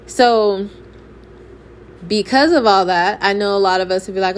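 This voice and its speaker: A woman's voice: medium pitch, normal speed, pauses often. A young adult woman gives a candid, preachy faith testimony, speaking straight to her viewers in a casual way. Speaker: faith vlogger. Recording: faint background noise.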